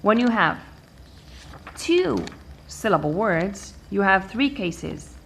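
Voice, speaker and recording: A woman teaching an English lesson, explaining slowly and patiently and repeating key words. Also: medium pitch, animated, vocal fry, fairly bright tone, a little hiss or hum. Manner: patient and repetitive, switching between English, Arabic and French. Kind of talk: language lesson explaining word stress.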